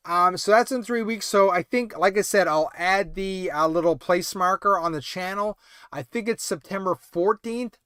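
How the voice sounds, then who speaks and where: A man's voice: high voice, a bit bright, clear, resonant tone, no room sound, clean studio sound. Tired, rambling man hosting a livestream. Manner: rambling, halting, many fillers and restarts. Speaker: toy collecting livestream host. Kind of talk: casual late-night livestream chat.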